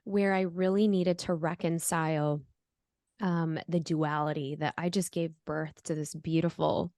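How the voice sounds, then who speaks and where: A woman's voice: sits low, a little mellow, no echo, clean studio sound. A middle-aged woman telling her personal story as an interview guest, earnest and reflective, with frequent fillers.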